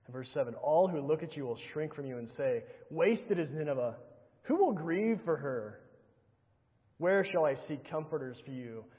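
A man preaching with earnest emphasis, his fairly high voice rising on rhetorical questions and sinking to a hushed, slow tone as he reads scripture. He sounds tinny and narrow, as if heard over a phone line, with a long reverb trailing through a large hall. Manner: reads scripture aloud, often dropping to a low, slow hush. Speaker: pastor. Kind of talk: sermon.

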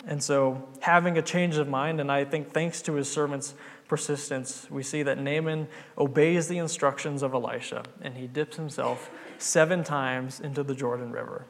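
A man's voice: a little high, steady tone, moderate pace. A man preaching a sermon, retelling a Bible story in an earnest, conversational way. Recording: long hall reverb.

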